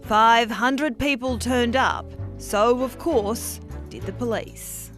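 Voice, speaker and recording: A woman reading scripted current-affairs narration in a lively, wry manner. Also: a little high, slow pace. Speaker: news narrator. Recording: music bed under voice-over.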